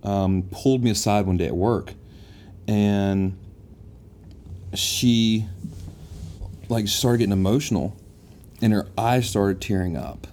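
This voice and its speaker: An earnest man hosts a casual chat and speaks reflectively. His voice is very low and mellow. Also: fairly even intonation, slow pace, pauses often, slight background noise. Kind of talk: casual conversation.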